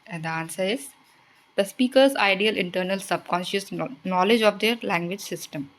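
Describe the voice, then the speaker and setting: Brief: female exam-prep tutor, steady mid-pitched voice, reads questions then explains the answers. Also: moderate pace, low-quality recording. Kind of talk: reading quiz questions and answers.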